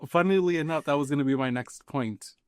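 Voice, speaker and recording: A man's voice: fairly high pitch, brisk, clear, resonant tone, dry recording, studio quality. A man co-hosting a podcast in casual chat, talking in a loose, chatty way full of "like" and small laughs. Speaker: podcast co-host.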